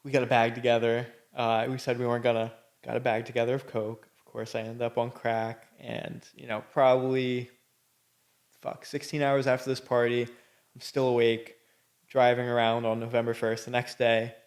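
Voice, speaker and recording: A podcast host tells his own story in a candid, blunt and rambling way, full of fillers and plenty of swearing. His mid-range voice is flat in delivery and moves at a moderate pace.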